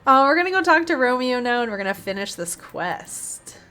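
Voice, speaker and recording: A woman's voice: on the high side, sing-song, fairly quick, sharp tone. A woman hosting a game walkthrough, chatty and playful, with sarcastic asides. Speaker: gaming video host.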